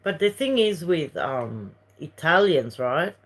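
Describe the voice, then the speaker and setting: A woman's voice: sits low, big pitch swings, takes it slowly. A woman from Uruguay with a Uruguayan Spanish accent, chatting casually on a livestream, rambling between topics and reading viewer messages. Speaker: livestream host.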